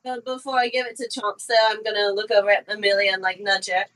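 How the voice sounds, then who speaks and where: A woman's voice: mid-range voice, steady tone, fast, sharp tone. A woman playing in a tabletop game, chatting in a laid-back, giggly way. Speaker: player. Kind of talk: casual tabletop play.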